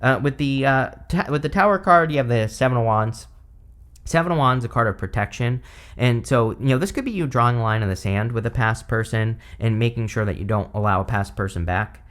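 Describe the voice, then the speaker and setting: A man in his thirties with a slightly hoarse voice, casually talking through a tarot reading, rambling and filling his speech with "like" and "you know". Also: medium pitch, fairly quick. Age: 30s. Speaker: tarot reader.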